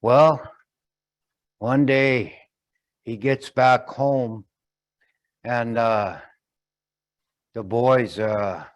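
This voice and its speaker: A man telling a traditional story slowly, pausing often and explaining as he goes. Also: medium pitch.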